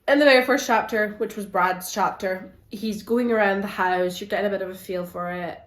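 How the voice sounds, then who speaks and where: Exasperated woman reviewing a book. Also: medium pitch. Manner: animated, exasperated retelling. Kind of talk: casual book review vlog. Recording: roomy echo.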